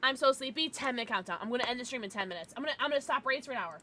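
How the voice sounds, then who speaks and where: A young woman streamer chatting casually with her viewers from a home setup, loud, giggly and profane, her nose stuffed up from crying. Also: fairly high pitch, racing, a little hiss or hum. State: congested from crying. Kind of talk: casual livestream chat.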